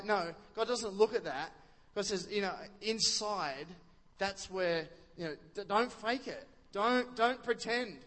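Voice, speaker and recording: A man's voice: sits high, a bit bright, in a large hall. A man preaching a sermon in a chatty way, often stopping to ask the congregation questions. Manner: conversational, quizzes the congregation, many restarts. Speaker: pastor.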